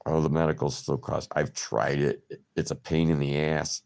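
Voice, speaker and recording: A man's voice: very deep voice, steady tone, normal speed, gravelly, hardly any pauses, darkish tone. A man hosting a casual livestream, chatting loosely and answering viewer comments by name. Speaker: livestream host.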